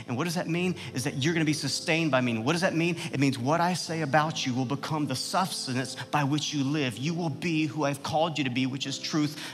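A man with a somewhat bright voice delivers an impassioned sermon in the large hall of a church sanctuary. He puts questions to his listeners and lets his voice build in pitch and loudness at the important points.

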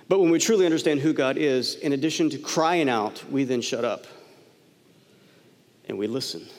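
A man preaches in a church sanctuary, his mid-pitched voice carried by a long hall reverb. He talks to the congregation in a conversational way, dropping suddenly soft and then pushing up into emphatic lines. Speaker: pastor. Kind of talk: sermon.

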